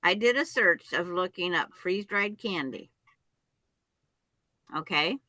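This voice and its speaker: A woman's voice: fairly low pitch, lively intonation, measured pace, sharp tone, no room sound, poor audio. A woman chatting on a video call who argues her point insistently with many restarts. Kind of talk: casual chat.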